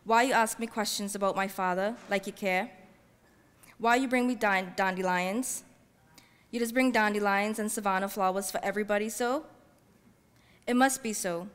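A woman author reading her fiction aloud in a measured, heartfelt first-person voice, using Caribbean-English dialect. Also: mid-range voice, clean tone. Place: library event space. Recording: long reverb from a large hall.

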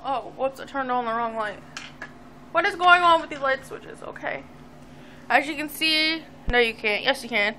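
A woman's voice: sits high, moderate pace, sharp tone, a little hiss or hum. A teenage girl vlogging from home in a bubbly, rambling, giggly way. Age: teens. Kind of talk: casual chat to camera. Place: at home, indoors.

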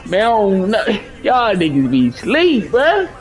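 Slangy gamer man, lively pitch. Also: measured pace, some chatter behind. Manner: coaching and scolding teammates, slangy and profane. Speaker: gaming streamer. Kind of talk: live gameplay chat with teammates.

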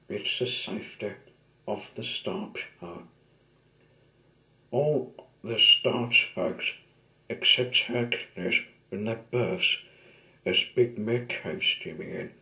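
A man's voice: mid-range voice, vocal fry, sharp tone, echoey room. A man reading a children's storybook aloud, with occasional asides. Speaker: storybook reader.

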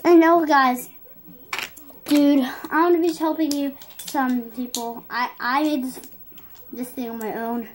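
A child casually narrating a home-made brick film, excitable, humming dramatic sound effects and rambling with restarts. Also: high voice, a little slow, slight background noise. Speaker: young brick-film maker.

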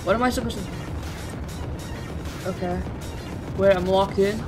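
A gaming video creator giving casual gameplay commentary, rambling and sarcastic, correcting themself mid-sentence with excitable outbursts. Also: medium pitch, unhurried, music in the background.

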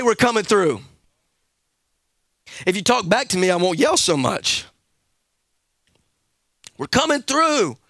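Pastor, male, very high bright voice, emphatic sermon delivery, dry close sound. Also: no echo. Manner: emphatic preaching with repeated words, building to shouts. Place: church service.

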